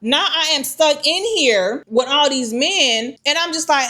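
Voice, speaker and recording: A woman telling a personal story to camera in an animated, repetitive way. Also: high-pitched, a little slow, hardly any pauses. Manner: animated, lively storytelling with repeated phrases.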